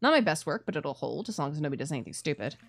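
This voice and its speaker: A woman's voice: low voice, big pitch swings, rapid-fire, gravelly, full character voice. Game read: woman doing a curt young ex-leader, clipped and blunt. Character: gruff rule-bound young man, a former leader.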